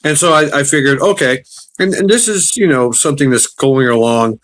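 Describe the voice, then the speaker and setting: A man's voice: mid-range voice, expressive, normal speed, a bit bright. Chatty man laying out an idea. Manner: chatty, laughs easily. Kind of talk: casual chat.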